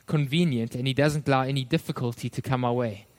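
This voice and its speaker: A male pastor preaching a sermon, addressing listeners as friends and acting out the quoted voices with animated shifts. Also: mid-range voice, quick pace.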